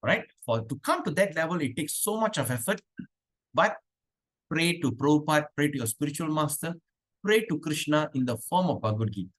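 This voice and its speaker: A man leading an online devotional class over a video call, asking the class questions and chanting verses slowly. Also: fairly high pitch, lively intonation. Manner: chatty, asks the class questions. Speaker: spiritual teacher.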